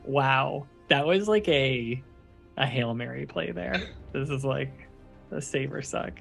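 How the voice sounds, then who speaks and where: Man, tabletop player, gravelly fry, playful banter, faint music. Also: medium pitch, slow, a bit bright.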